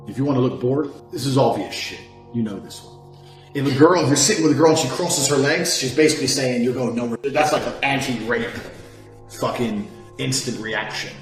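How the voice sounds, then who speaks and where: Brash, swearing man in an echoey room. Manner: boastful, swings from loud outbursts to low mutters. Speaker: self-improvement speaker. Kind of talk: brash profane monologue. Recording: echoey room with faint music.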